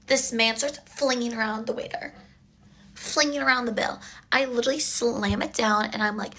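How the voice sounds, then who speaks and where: A woman's voice: fairly high pitch, steady tone, normal speed, pushed and bright. A young adult woman telling a story in a casual, blunt and chatty way, full of fillers.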